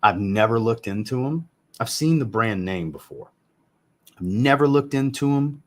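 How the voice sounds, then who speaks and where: This thirty-something man chats live about fragrances at a moderate pace, his medium-pitched voice expressive as he fields viewer questions. Sitting by a fragrance shelf at home, he jokes bluntly and swears casually.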